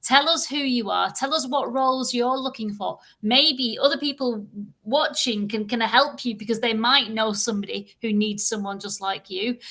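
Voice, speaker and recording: A woman's voice: on the high side, fairly bright tone. A woman, a marketer co-hosting a live online show, explaining ideas in an upbeat, chatty way. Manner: upbeat, explanatory, repeats words when restarting. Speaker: co-host, marketer. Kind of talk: casual live-stream chat.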